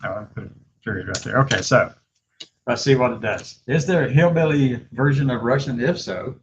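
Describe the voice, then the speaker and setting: A man hosting a casual video, laughing often and slowly dictating his words as he types. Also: mid-range voice, highs cut off, background noise. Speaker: video host. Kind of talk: casual chat while typing.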